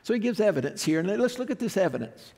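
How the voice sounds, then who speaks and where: A man's voice: high voice, very animated, fast, dark tone. A man preaching a sermon from the pulpit, explaining and asking the congregation questions. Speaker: pastor. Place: church sanctuary. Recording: long church reverb.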